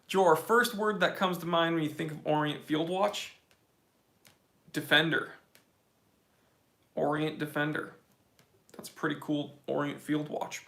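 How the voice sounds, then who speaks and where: A young man hosts a casual live Q&A straight into his phone, fielding chat questions one after another. His voice sits a touch high with a gravelly edge and a bright, forward tone. He is blunt and opinionated, tossing in casual slang as he goes. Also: fairly even intonation, unhurried, pauses often. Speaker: watch channel host.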